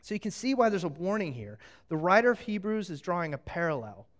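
High-voiced man preaching with playful asides. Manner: animated, jokey, acting out quick asides. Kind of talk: sermon.

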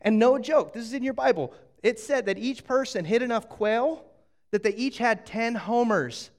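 A man preaching a sermon, telling the story with jokes and acted-out asides. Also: very high-pitched. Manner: animated, jokey, acting out quick asides.

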